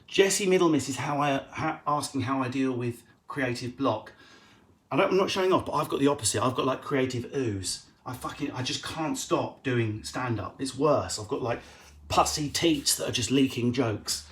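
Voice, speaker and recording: A male stand-up comedian answering viewer questions on a casual live stream, quick and profane with jokey riffs. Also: mid-range voice.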